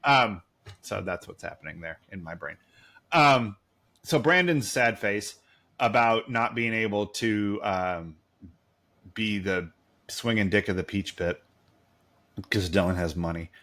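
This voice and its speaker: A man's voice: fairly low pitch, a little slow, long pauses, bright, forceful tone. A man co-hosting a podcast, recapping a TV episode in rambling, sarcastic, profane casual chat. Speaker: podcast co-host.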